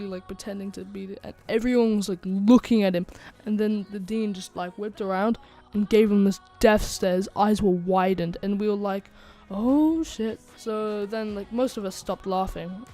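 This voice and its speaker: A woman's voice: medium pitch, steady tone, brisk, mellow, soft background music. Rambling, giggly woman telling a story. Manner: rambling, full of "like" fillers and restarts, giggly asides. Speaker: channel host telling a story. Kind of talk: casual storytime chat. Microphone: desk microphone.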